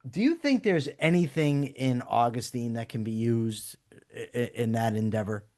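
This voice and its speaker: A man's voice: mid-range voice, expressive, normal speed, a little mellow. A man co-hosting a casual chat, speaking in an easygoing, joking way. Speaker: co-host.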